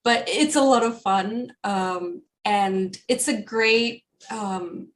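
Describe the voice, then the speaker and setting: A woman's voice: mid-range voice, slow pace. A woman from Australia with an Australian accent, a composer chatting casually in an interview, laughing often and filling with ums. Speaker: composer guest.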